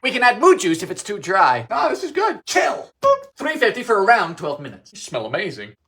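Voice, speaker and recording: A young man hosting a vintage baking show, narrating recipes with dry sarcastic jokes and sudden shouted outbursts. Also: sits high, huge pitch swings, fairly quick. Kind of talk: comedic cooking narration.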